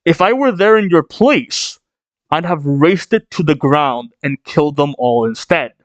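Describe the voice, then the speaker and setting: A scornful, hot-tempered giant in chains, read aloud by a man, gruff and quick to burst into shouting. The voice sits a little high, recorded dry and close. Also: animated, no echo.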